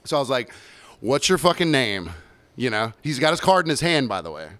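A man's voice: mid-range voice, fast, dry recording. A man in casual chat telling a profane story about his bartending shift, acting out the voices of the people in it. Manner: animated, profane, acts out quoted voices.

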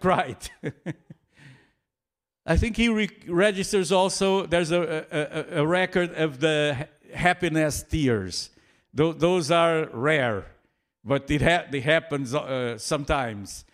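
A man preaching with a slightly high voice, taking his time. He restarts his sentences often and fills pauses, letting small chuckles slip in. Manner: halting, many restarts and fillers, chuckles often. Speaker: pastor. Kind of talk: sermon.

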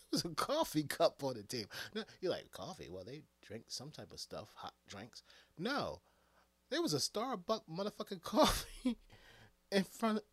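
Comic male ranter, lively up-and-down pitch, laughs a lot, dry close sound. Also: no room sound. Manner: animated, laughing often, swinging loud to quiet. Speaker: comedic commentator. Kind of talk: casual comedic rant.

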